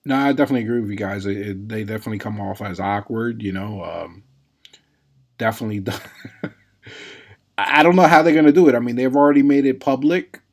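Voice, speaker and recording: A man's voice: mid-range voice, brisk, pauses often, darkish tone. A man hosting a casual wrestling podcast, laughing often and talking with many ums and uhs. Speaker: podcast host.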